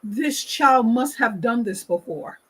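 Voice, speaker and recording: Husky high voiced woman host, talks slow and emphatic, says her points over and over. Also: expressive, low-quality recording. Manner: emphatic, repeats points, acts out quoted people. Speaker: talk show host. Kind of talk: opinionated casual discussion.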